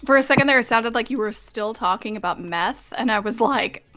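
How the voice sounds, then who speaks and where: A woman chatting casually on a call, her voice sitting a bit high. She reacts quickly, sounding amused. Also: fairly bright tone. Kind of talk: casual chat.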